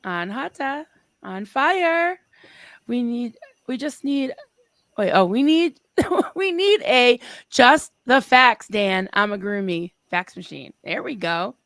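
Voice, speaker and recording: A woman co-hosting a live stream in casual chat, bubbly and quick to laugh, reading viewer comments aloud. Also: a little high, lively intonation, a bit bright, no echo. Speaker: livestream co-host.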